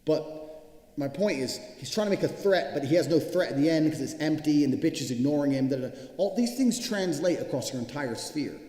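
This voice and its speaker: A man's voice: on the high side, animated, fairly quick, mellow. Blunt, profane man in an echoey room. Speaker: motivational speaker. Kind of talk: motivational monologue. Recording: echoey, reverberant room sound.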